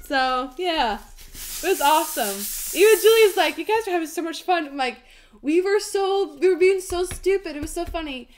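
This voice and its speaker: A young woman hosting a live stream while baking, giggly and chatty, her voice hoarse and nearly gone. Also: very high voice, animated, normal speed, soft background music. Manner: giggly, bubbly, sings snippets to herself.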